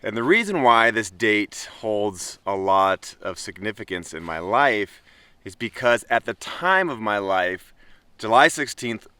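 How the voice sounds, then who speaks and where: A young man vlogging from his tent, telling a story in a lively, casual way and laughing often. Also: fairly low pitch, clean tone, dry recording. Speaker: travel vlogger. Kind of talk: casual vlog monologue. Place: tent in the wilderness.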